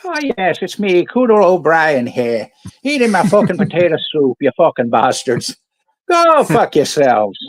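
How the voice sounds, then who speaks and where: A man voicing a crude, cranky old man yelling at kids, loud and high-pitched. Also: wildly swooping pitch, unhurried, slight background noise. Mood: cranky rant. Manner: shouting, crude and rowdy.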